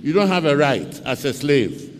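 A man's voice: on the high side, very animated, moderate pace, long reverb tail. A man with a Ghanaian accent preaching a sermon as pastor, telling the story dramatically and acting out its scenes.

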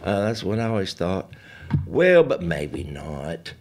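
A man's voice: low-pitched, sing-song, slow. An older man, hosting a live stream in a folksy, joking way and chatting with viewers. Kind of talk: casual live-stream chat and hymn singing.

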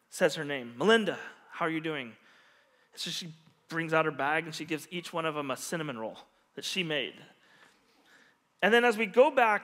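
A middle-aged man preaching a sermon, telling a story earnestly with quiet pauses and soft, lowered endings. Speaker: pastor. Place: church hall. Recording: long reverb of a large hall.

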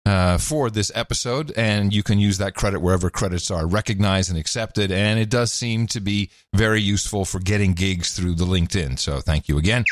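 A man's voice: low-pitched, a little fast, hardly any pauses. A man co-hosting a podcast, chatting and laughing in an upbeat way. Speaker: podcast co-host. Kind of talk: casual podcast chat.

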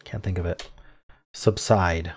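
A man solving a crossword out loud, muttering clues and thinking aloud in an unsure, self-questioning way. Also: low-pitched, steady tone, takes it slowly, slightly rough. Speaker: puzzle-solving video creator.

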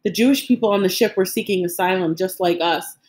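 Guilt-haunted old grandfather read by a woman, earnest, mid-pitched, audiobook. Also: a little fast, darkish tone, reverberant, lightly acted. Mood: anguished. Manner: earnest, pleading, grief-stricken.

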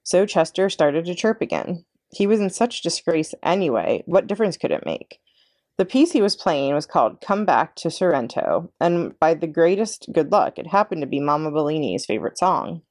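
A librarian woman reading a children's chapter book aloud with expressive narration. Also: deep voice, normal speed, dry recording, studio quality. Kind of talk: read-aloud storybook narration.

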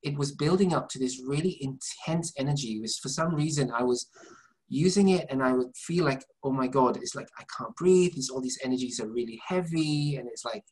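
Male guest, earnest rambling storyteller, mid pitch. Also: brisk, darkish tone, slightly rough, low-quality recording. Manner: earnest, meandering, many restarts. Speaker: interview guest. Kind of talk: conversational storytelling. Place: Southampton, UK.

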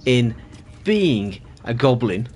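A man voicing a gruff male goblin schoolteacher in a Cockney accent, bossy and scolding his class. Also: mid-range voice, very animated, slow pace, a crowd in the background, voice pushed down.

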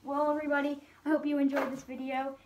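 A woman's voice: high-pitched, level tone, fast, a little hiss or hum. A young woman wrapping up a homemade video at home at night, rambling with many ums. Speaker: video creator. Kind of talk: casual outro to camera.

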